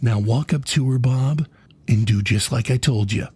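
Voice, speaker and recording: A man's voice: medium pitch, normal speed, a little mellow, breathy edge. A man giving a satirical mock lecture, mock-earnest, preachy and profane. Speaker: comedian, mock speaker. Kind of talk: satirical mock TED talk.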